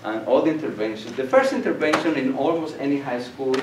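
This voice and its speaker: In a public lecture, an older Colombian man tells lively stories, laughing and slipping into voices for the people he describes. He speaks at a medium pitch and fairly quickly. The mic is far away in an echoey hall, and a faint hiss sits underneath.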